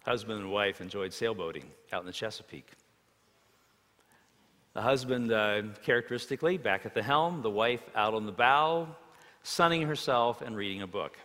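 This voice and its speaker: A man preaching a sermon in a dramatic way, shifting between loud emphasis and hushed tones as he tells stories. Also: fairly low pitch, expressive, normal speed. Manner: storytelling with acted quotes. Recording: long reverb of a large hall.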